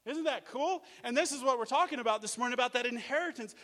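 A man from Australia preaching a sermon, energetic and jokey, telling stories and acting out what people said. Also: very high-pitched, fast talker, in a large hall. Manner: energetic, animated, jokey, acts out quotes. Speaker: guest preacher, mission leader. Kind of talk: sermon with storytelling. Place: church.

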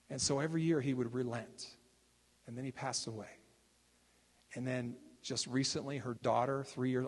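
A minister sharing testimony stories in a relaxed, conversational way, acting out the people he quotes. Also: mid-range voice, long reverb tail. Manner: conversational, acts out quoted speakers. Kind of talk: sermon testimony storytelling.

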